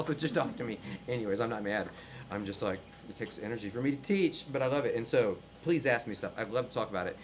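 A man's voice: lowish voice, slight background noise. A man from North Carolina, a music teacher giving a workshop to other teachers, talking in a chatty, upbeat way with frequent laughs. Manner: chatty and upbeat, laughs often between points.

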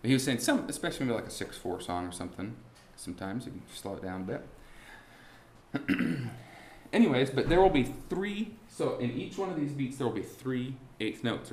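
A man teaching a class on musical timing, talking haltingly with many restarts and asking the students rhetorical questions. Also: mid-range voice, echoey room, a little hiss or hum. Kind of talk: classroom lesson on beat patterns. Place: warm indoor classroom.

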